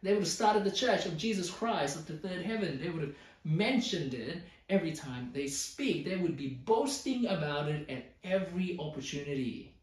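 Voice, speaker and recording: A male pastor preaching a sermon, explaining scripture with lively emphasis and playful asides. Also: fairly high pitch, moderate pace. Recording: roomy hall, voice a bit far from mic.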